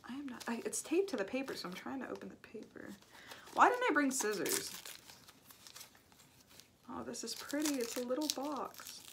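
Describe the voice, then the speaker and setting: A young woman chatting casually as she opens fan mail, gushing and excited, with lots of "like"s and happy exclamations. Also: a little high, fast talker, vocal fry, few pauses, noisy background. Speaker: YouTuber opening fan mail. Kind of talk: casual chat. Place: indoor studio. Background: paper crinkling and clicks.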